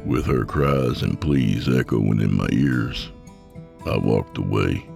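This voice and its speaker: A man narrating a grim first-person horror story in a measured voice. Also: rumbling low, gravelly. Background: soft guitar music.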